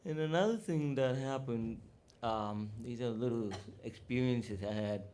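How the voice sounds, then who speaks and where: A man's voice: mid-range voice, measured pace, mellow. A man casually telling personal stories as a disciple at a memorial gathering, chatty with many fillers. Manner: chatty, many fillers, acts out quoted dialogue. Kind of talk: casual storytelling talk. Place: cow sanctuary gathering in Florida.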